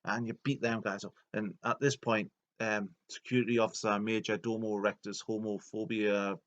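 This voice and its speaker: A man retelling video game lore as a comedy, rambling and deadpan with many fillers. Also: on the low side, moderate pace, muffled recording.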